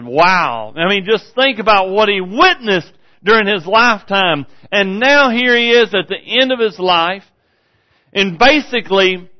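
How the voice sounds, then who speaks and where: A man preaching a sermon, moving from easy storytelling to loud, excited peaks. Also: sits high, muffled recording. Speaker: pastor.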